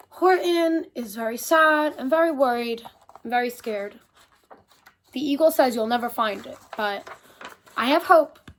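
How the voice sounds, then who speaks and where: A woman reading a picture book aloud to children, animated, and stopping to talk to her young listeners. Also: high voice, measured pace. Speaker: storyteller.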